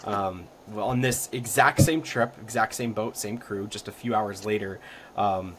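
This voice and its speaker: A young man from Florida, a podcast guest telling stories in a casual, rambling way full of ums and likes that grows lively at the exciting parts. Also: fairly low pitch, unhurried, noisy background. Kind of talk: casual storytelling.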